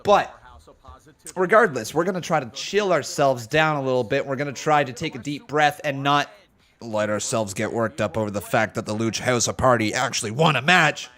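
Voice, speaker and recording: A man hosting a live wrestling watch-along stream, talking in a jokey, excitable, self-mocking way from a home setup. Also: medium pitch, a little fast. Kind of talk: live-stream reaction commentary.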